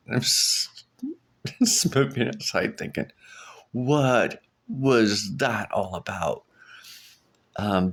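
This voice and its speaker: A middle-aged man tells a strange dream to his camera in a casual, rambling way. His voice sits fairly low but leaps up high whenever he acts out what he shouted, and he breaks into laughter often. The delivery is loose, excited and full of fillers. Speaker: vlogger. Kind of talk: casual storytelling.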